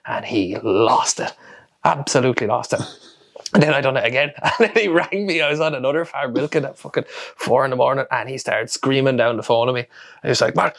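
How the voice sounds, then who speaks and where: A man's voice: mid-range voice, gravelly. A young man, co-hosting a podcast, telling anecdotes in casual chat, laughing often and swearing. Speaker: podcast co-host.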